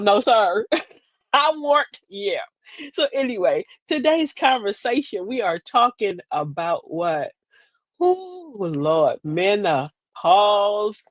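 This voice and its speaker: Woman in her 40s, aave, chatty livestream host, pitch all over the place, dry close sound. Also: no echo. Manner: animated, talks to viewers, acts out quoted voices. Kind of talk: casual livestream monologue.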